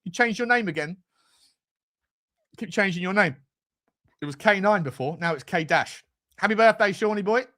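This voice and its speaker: A man hosts a fan live stream, reading out super chats. His voice sits a touch high and sounds bright and sharp. He rambles and swears, drifting off on tangents. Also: animated, moderate pace, pauses often. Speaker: fan channel host.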